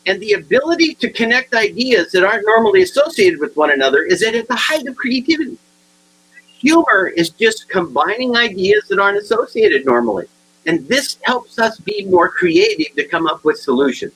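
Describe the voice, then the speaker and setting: A man with a high, bright voice gives a funny keynote talk, swinging his pitch widely as he acts out both sides of each exchange. His delivery is animated and playful. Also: brisk, slight background noise, rough recording. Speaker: motivational speaker. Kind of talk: humorous keynote storytelling.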